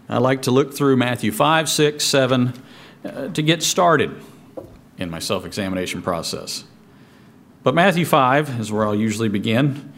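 A man's voice: medium pitch, creaky, fairly bright tone. A man preaching a sermon in a conversational way, reading scripture aloud and stopping to restart his sentences. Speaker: pastor.

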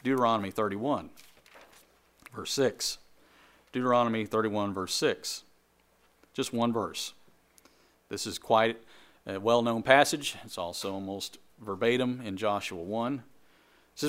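A man preaching a sermon to a congregation in a conversational way, with jokes, quick asides and repeated phrases. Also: lowish voice, a bit bright. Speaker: pastor.

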